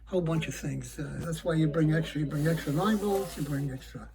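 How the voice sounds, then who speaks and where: A man casually explaining how his puppet works, rambling with many pauses and restarts. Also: fairly high pitch, crowd noise.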